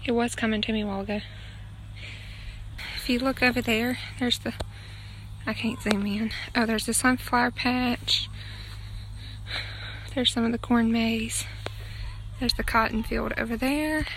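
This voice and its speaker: A woman in her twenties from northern Mississippi, US, speaks with a Southern accent in a fairly high, steady voice, unhurried and pausing often. As a family vlogger at an outdoor farm and pumpkin patch, she narrates cheerfully and calls out to her kids, with outdoor noise behind her.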